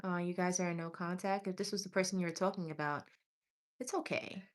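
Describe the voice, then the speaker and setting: A woman gives one-card tarot readings on a livestream. She talks casually and affectionately, reading viewers' names and questions aloud while scrolling. Her delivery is loose, with pauses and small restarts. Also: lowish voice, steady tone. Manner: chatty and affectionate, calls viewers honey and sweetie. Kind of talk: live tarot reading, answering chat.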